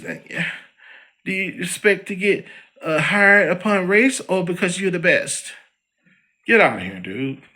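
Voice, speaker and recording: A man hosting a podcast, giving a slangy, heated commentary monologue aimed at a public figure. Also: mid-range voice. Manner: slangy and animated, addressing a celebrity directly. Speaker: podcast host.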